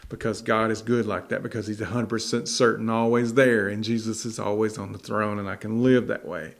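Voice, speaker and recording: A man's voice: fairly low pitch, flat delivery, brisk, gravelly. A man preaching a folksy sermon that builds to emphatic repetition. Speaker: pastor. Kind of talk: sermon with storytelling.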